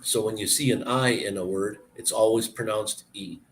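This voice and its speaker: A man chatting casually and explaining words, halting and searching for words as he goes. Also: on the low side, fairly even intonation, fairly bright tone. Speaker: person explaining language to a visitor. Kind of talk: casual chat.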